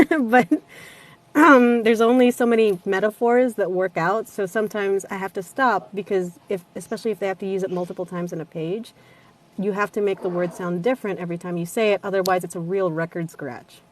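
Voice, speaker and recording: A woman's voice: mid-range voice, brisk. A woman narrator of audiobooks in casual chat, laughing often and swearing casually.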